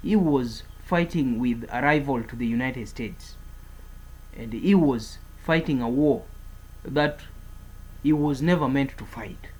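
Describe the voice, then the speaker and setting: A man's voice: medium pitch, a little slow, a little mellow, breathy edge, low-quality recording. A man giving a political commentary monologue, speaking in an emphatic, repetitive way as he declares and warns.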